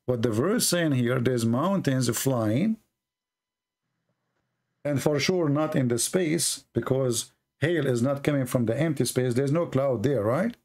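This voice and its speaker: A man's voice: mid-range voice, unhurried, darkish tone. A man hosting a confrontational debate in non-native English, pressing the same question over and over with sarcasm. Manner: pushy, sarcastic, repeats questions. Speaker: debate host.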